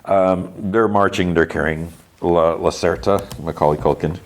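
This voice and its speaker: A man's voice: sits low, steady tone, measured pace. A man hosting a podcast, casually recapping a TV episode in a rambling, hesitant way full of filler words. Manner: rambling, hesitant, lots of "like" and "you know". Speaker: podcast host.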